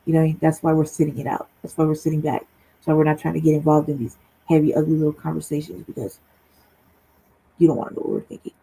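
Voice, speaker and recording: A woman with a gravelly, husky voice joins a livestream talk show over a remote streaming call. She talks in a casual, heated way, blunt and full of profanity, and keeps tagging her points with "right?". Her tone sits low and mellow. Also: fairly even intonation, fast, poor audio.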